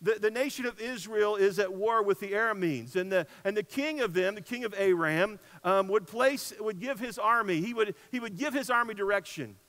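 A man preaches a sermon in a church sanctuary, retelling the story in a relaxed, conversational way and leaning on repeated phrases for emphasis. His voice sits high and sounds bright. A long hall reverb trails behind his words. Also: normal speed, hardly any pauses. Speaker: pastor.

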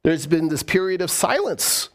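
A man's voice: on the high side, big pitch swings, normal speed. Emphatic male pastor preaching. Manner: emphatic, repeats key phrases. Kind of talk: preaching a sermon.

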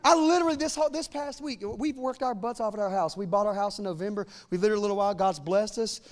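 High-voiced man preaching with fervor. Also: fast. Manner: rising to loud, fervent declarations; humorous asides to the congregation. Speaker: pastor. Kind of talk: sermon.

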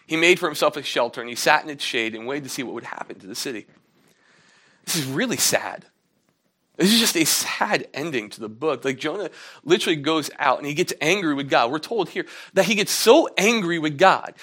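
A man's voice: animated, brisk, a bit bright, slightly rough. A man preaching a sermon in a casual, conversational way, acting out quotes in a raised voice. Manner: conversational preaching, acts out quotes with rising pitch. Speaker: pastor.

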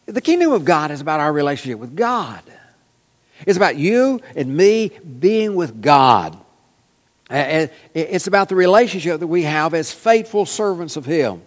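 A man preaching a sermon, telling folksy stories with frequent fillers. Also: sits high. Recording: long reverb in a large hall.

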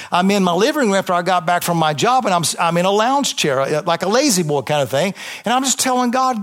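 A man's voice: sits high, a bit bright. A man, a pastor giving an impassioned, conversational testimony sermon to a congregation in church, with emphatic repetition.

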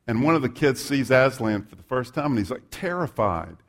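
A man's voice: mid-range voice, lively intonation, a little fast. A male pastor preaching a sermon, reading scripture aloud and adding humorous, self-deprecating asides.

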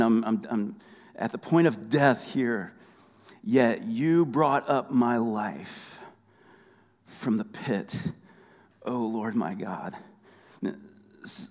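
A man's voice: medium pitch, big-room sound. A man preaching a sermon, asking his listeners to finish his sentences and often repeating key phrases. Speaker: pastor.

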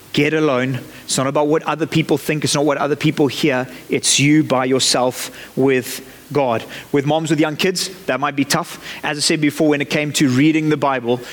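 A man's voice: medium pitch, long reverb tail. A man preaching a sermon in a church, conversational and lightly joking as he talks the congregation through his points.

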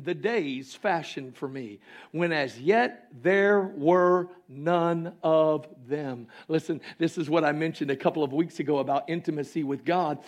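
A man preaching a sermon as pastor, with impassioned delivery that swings between loud exclamations and hushed lines in a church sanctuary. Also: fairly high pitch, unhurried.

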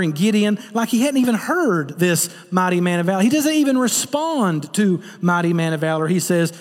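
Pastor, male, high voice, earnest preaching with rhetorical questions; long hall reverb. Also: lively intonation, moderate pace, hardly any pauses. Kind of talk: sermon.

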